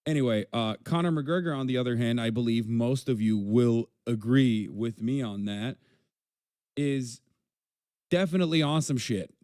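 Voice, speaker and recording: A man's voice: medium pitch, normal speed, darkish tone, no room sound, clean studio sound. A man streaming live, reacting to a video and answering his chat in a blunt, profane, casual way.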